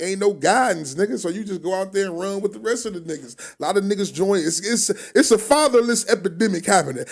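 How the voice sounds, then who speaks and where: A man hosting a casual podcast, profane and insistent, hammering the same point again and again. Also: high-pitched. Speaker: podcast host.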